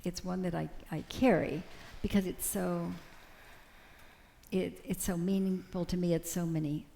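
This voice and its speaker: An older American woman recounts a personal memory to a panel audience. Her voice sits low and has a gravelly fry. She halts often and repeats words as she goes. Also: fairly even intonation, warm tone, slight background noise. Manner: halting, repeats words when moved.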